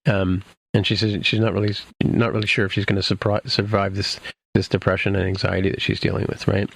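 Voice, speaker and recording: Podcast host, male, low and gravelly, casual rambling recap with lots of ums. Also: level tone, brisk. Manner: rambling, many fillers and restarts.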